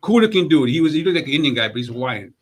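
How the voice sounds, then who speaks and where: An American actor and comedian in his sixties tells stories during a casual interview, talking rapid-fire in a slightly high, sing-song voice. He sounds streetwise, swears freely and calls people "bro" and "man."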